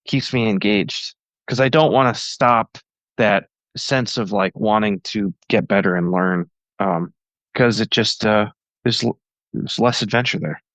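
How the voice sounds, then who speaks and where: This guest cartoonist has a fairly low, slightly bright voice and keeps a measured pace. Rambling and full of fillers, he chats enthusiastically in a casual podcast interview, with no room sound in the recording.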